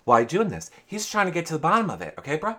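A slangy young bro, as a man puts him on, quick and a little raised in pitch. He pleads his point in a rush. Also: wildly swooping pitch, bright, forceful tone, heavily acted. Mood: pleading. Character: laid-back young man, bro talk.

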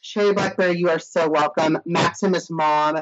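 A man's voice: fairly high pitch, steady tone, moderate pace, fairly bright tone. Playful man, dull lo-fi audio. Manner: playful, reads chat comments. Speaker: podcast co-host. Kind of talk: casual recap chat.

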